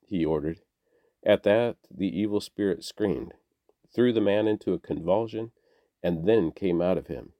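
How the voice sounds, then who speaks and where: A man giving a scripted scripture reading in a measured, deliberate way. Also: low-pitched, expressive, dark tone, no room sound, studio quality. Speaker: scripture reader.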